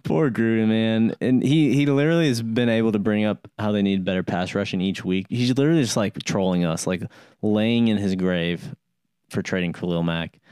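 A man's voice: lowish voice, moderate pace, darkish tone, clean tone, no echo. A man co-hosting a sports podcast, joking and rambling in casual chat full of fillers. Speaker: podcast co-host.

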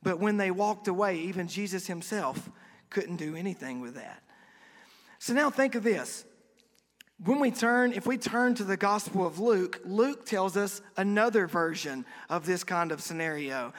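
A man preaching a conversational sermon, acting out quotes with lively energy. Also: sits high, normal speed, long reverb tail. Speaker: pastor.

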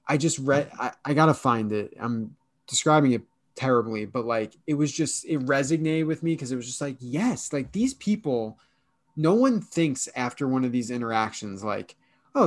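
A man's voice: mid-range voice, no room sound. Rambling male podcast co-host. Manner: rambling, restarts while searching for words. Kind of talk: casual chat.

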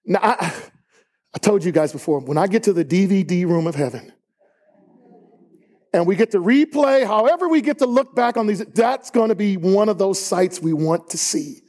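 A man preaching a sermon in a church, emphatic and rising to high exclamations. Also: lively intonation, normal speed, darkish tone. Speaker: pastor. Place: church sanctuary.

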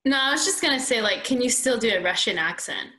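A woman's voice: a little high, lively intonation, fast talker, background noise. A woman co-hosting a casual podcast, giggly and rambling with many fillers. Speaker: podcast co-host.

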